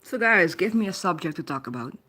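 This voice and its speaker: A woman's voice: lowish voice, lively intonation, fairly quick, sharp tone. A woman with a Dutch accent, chatting casually on her live stream, reading comments aloud and laughing often. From Netherlands. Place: her home.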